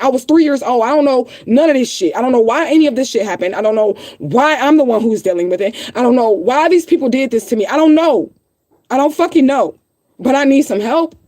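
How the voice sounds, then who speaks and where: A woman's voice: high voice, warm tone, dry recording. Heated profane woman ranting on stream. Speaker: livestream host. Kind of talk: casual livestream rant.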